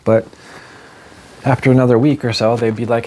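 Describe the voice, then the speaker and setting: A man in his forties telling a painful personal story in a candid, reflective way, pausing often with fillers. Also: medium pitch, flat delivery, a little mellow. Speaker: vlogger.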